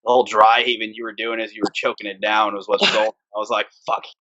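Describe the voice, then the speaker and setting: A middle-aged man, a podcast guest, chatting in an animated way with swearing. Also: on the low side, fast, muffled recording, slight background noise. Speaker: guest, former squad member. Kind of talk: casual chat.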